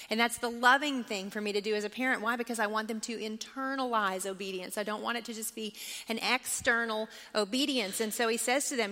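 Woman Bible teacher, engaging, quizzes the class, forceful tone, long hall reverb. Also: on the high side, steady tone, normal speed. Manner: engaging, asks the class questions.

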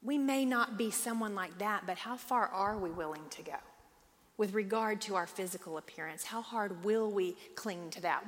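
A woman in her forties teaching a Bible study, lively and conversational, acting out the voices she quotes. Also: medium pitch, in a large hall.

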